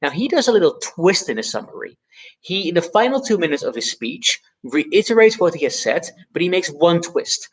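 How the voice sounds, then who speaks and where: A man's voice: fairly high pitch, big pitch swings, slightly rough, low-quality recording. Man explaining speech techniques. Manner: explanatory, deliberately stresses key words. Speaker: debate educator. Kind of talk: instructional video analysis.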